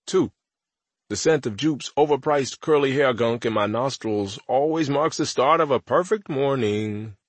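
A man narrates an audiobook in the first person, wry and conversational, in the voice of a teenage boy. His voice is husky and sits at a middle pitch. The recording is dry and close to the mic. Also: measured pace, no echo.

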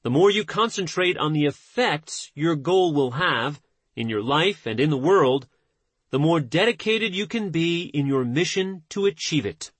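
A man narrating a nonfiction audiobook in a measured, steady reading voice. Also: a little high, slightly rough, no echo.

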